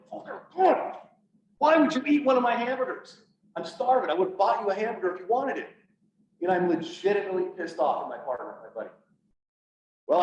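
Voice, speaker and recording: Brief: a man recounting a hard day on duty, bluntly candid, with a slightly high voice, heard from across an echoey room. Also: darkish tone. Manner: candid, blunt, acts out quoted dialogue. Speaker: public speaker, police officer. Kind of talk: personal storytelling talk. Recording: echoey, distant, slightly dull, faint hiss.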